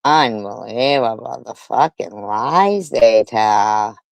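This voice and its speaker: A woman's voice: rumbling low, expressive, slow, creaky, dry recording. A woman doing livestream commentary, reading comments aloud and reacting with indignation and heavy swearing. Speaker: commentary streamer.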